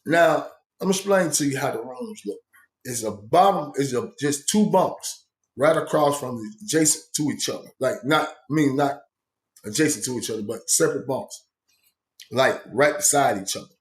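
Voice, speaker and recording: A man's voice: medium pitch, lively intonation, normal speed. A man casually telling a story from his own past, rambling with slang and many asides. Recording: echoey room.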